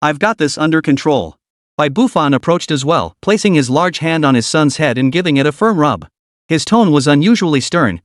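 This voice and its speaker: A man narrating a web novel in scripted, expressive storytelling. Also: on the high side, no echo, studio quality.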